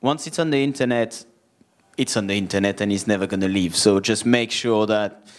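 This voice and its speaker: A man moderating a conference panel, relaxed and chatty with filler ums. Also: on the low side, a little fast. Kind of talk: casual panel talk.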